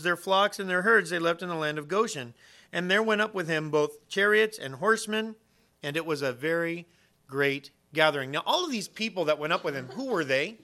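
A middle-aged male pastor delivers a sermon in a relaxed, conversational way, slipping in self-deprecating jokes. His voice sits slightly high and rings bright and forceful.

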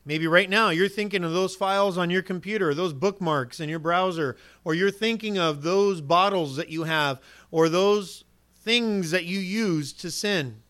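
A man delivering a sermon with a fairly high voice. He preaches earnestly and directly, drops into quick acted-out lines of what people say, and keeps pressing the listeners with rhetorical questions. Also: fairly bright tone.

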